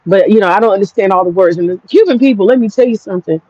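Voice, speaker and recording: A woman's voice: medium pitch, racing, darkish tone, slightly rough, no echo, lo-fi sound. An American woman with an African American English accent, telling a personal story in a frank, profane, rambling vlog. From United States. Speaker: vlogger.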